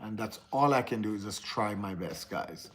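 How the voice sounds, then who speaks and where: A man's voice: fairly low pitch, normal speed. A man with a Jamaican accent hosting a casual livestream, talking candidly to his viewers, answering the live chat and often repeating himself. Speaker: livestream host.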